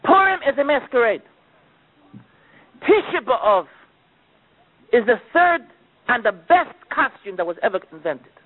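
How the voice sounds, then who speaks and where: A man with a strikingly high voice delivers a sermon as a dramatic storyteller, dropping to near-whispers and then rising again. The recording is thin and phone-like. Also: big pitch swings, measured pace, pauses often. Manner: dramatic storytelling, swinging between loud and hushed. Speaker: preacher.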